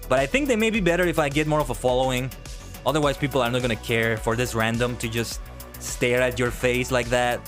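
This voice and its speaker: A man's voice: mid-range voice, fairly bright tone. A man streaming a game, chatting casually, playful and punning and laughing often. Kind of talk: casual gaming commentary.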